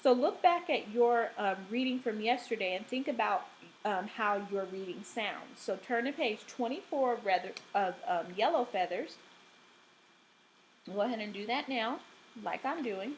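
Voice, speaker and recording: A woman teacher giving a recorded reading lesson, speaking deliberately and checking in often with the class. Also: a little high, slight background noise, poor audio. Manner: slow, deliberate, checks in with frequent "okay?".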